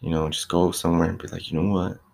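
Young man, low gravelly voice, casual rant, exasperated, lots of "like" and "you know", swears freely. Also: flat delivery, fast, darkish tone. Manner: exasperated, venting about rude customers. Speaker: fast-food shop worker. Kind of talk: casual ranting monologue.

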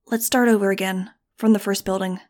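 A woman voicing a quiet teenage boy who sounds tired but determined. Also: medium pitch, fairly even intonation, fairly quick, close to an everyday voice.

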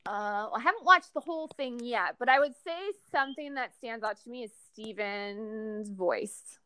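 A woman co-hosting a casual fan podcast, chatty and animated, with lots of fillers and restarts. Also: a little high, normal speed, clear, resonant tone, no echo. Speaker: podcast co-host. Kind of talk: casual fan podcast chat about a TV show.

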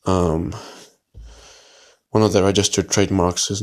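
A man's voice: deep voice, moderate pace. A man hosting a solo podcast, talking in a rambling, hesitant way with many fillers and restarts. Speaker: podcast host.

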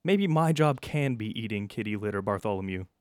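A man's voice: fairly low pitch, expressive, brisk, dry recording, studio quality, close to an everyday voice. A man voicing a jittery young male guard on his first day at work, who stammers nervously. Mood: flustered.

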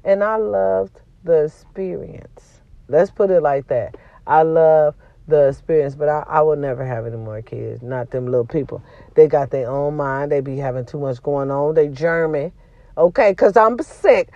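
A woman's voice: low voice, normal speed, no room sound, dull audio. A woman hosting a casual vlog, venting to her viewers in a blunt, profane way, with a sore throat from a cold. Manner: blunt and profane, swings between loud and quiet. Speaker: vlog host.

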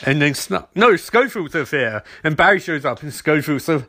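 A man tears through a TV episode recap in a loose, sarcastic ramble. He snaps into quick mock voices for the characters as he goes. His voice sits a little high for a man. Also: animated, fairly bright tone. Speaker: TV episode reviewer. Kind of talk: casual spoken recap.

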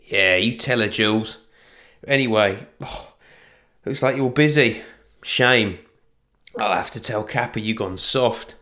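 A man's voice: fairly low pitch, pushed and bright. A man voicing a huge, crude male thug who grunts and mocks. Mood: leering. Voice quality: slow, grunting, mocking.

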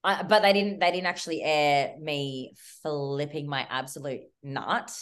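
A woman's voice: low voice, measured pace. Australian woman telling a story, swearing freely. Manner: animated storytelling, heavy use of "like", swears freely. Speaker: guest. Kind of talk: casual chat.

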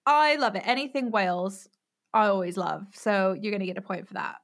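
An American woman co-hosting a podcast, easygoing and quick to laugh, with dry jokes. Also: medium pitch, vocal fry. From United States. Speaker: podcast co-host. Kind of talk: casual chat.

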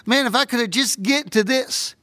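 A woman preaching a sermon with fervent delivery, dropping to hushed whispers and rising to shouts, often repeating words when stirred. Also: a little high, moderate pace, no echo, studio quality.

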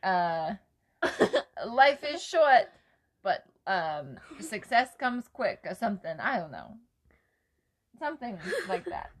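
A woman in a casual comedic chat, animated and teasing, often breaking into laughter. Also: on the low side, unhurried.

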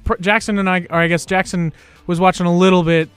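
Young dude hosting a sports podcast, high voice, hypes everything up, crisp and dry. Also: male voice, fast, no room sound, faint music behind. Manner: excitable, hypes things up. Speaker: podcast host. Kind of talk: casual chat.

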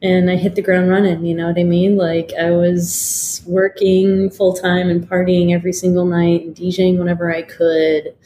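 A woman in her forties, from Detroit, tells her story as an interview guest in a frank, profane way, with many fillers. Her voice sits a bit low and sounds mellow and dark. A faint hiss runs under the recording. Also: little pitch movement, normal speed, hardly any pauses.

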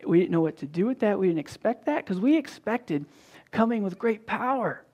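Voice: animated, fairly quick, darkish tone, slightly rough. A pastor delivering a sermon in a conversational way, with frequent restarts and repeated words, acting out quoted dialogue. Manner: conversational, acts out quoted dialogue with big pitch jumps.

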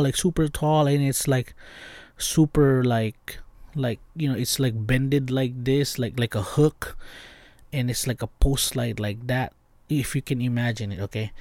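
A young man hosting a podcast, telling a scary story in casual chat, excitable and slangy, dropping to hushed tones at tense parts. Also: mid-range voice, no echo. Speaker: podcast host.

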